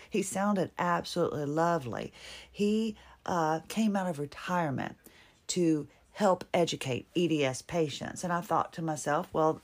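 A middle-aged woman from Virginia with a Virginian accent, talking casually and wryly on her own podcast. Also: deep voice. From Virginia, USA. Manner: chatty, wry, laughs at herself. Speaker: podcast host. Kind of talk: casual monologue.

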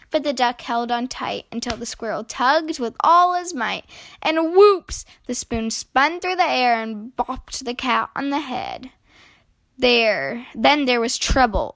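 A woman reading a children's picture book aloud in an expressive storytelling voice. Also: on the high side, creaky. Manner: slow, expressive read-aloud.

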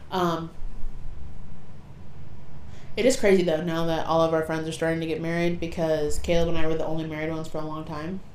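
A woman's voice: sits low, a little fast, long pauses. Chatty young woman telling a story. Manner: animated storyteller, swears freely. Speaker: podcast co-host. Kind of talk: casual chat. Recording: echoey room with faint noise.

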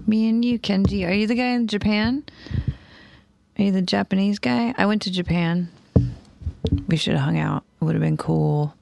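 A woman's voice: mid-range voice, normal speed, gravelly, a little mellow, dry recording. A woman hosting a live stream, chatting casually and reading chat messages aloud. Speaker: stream host.

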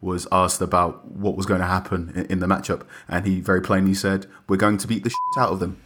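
Man, very low voice, on-the-line correspondent, measured, pausing often. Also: little pitch movement, background noise. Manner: measured, with many "uh" pauses. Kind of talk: explaining in a conversational interview.

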